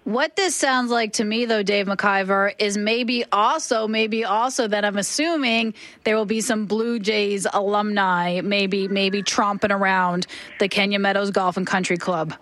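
A woman's voice: mid-range voice, fairly even intonation, measured pace, a bit bright, dry recording. Playful woman radio host. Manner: playful, teasing. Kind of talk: casual radio chat.

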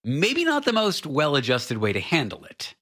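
A man's voice: a little high, wildly swooping pitch, moderate pace, fairly bright tone. A man in his forties from Canada, co-hosting a radio talk show in a chatty, self-deprecating way. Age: 40s. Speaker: radio co-host. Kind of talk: casual radio chat.

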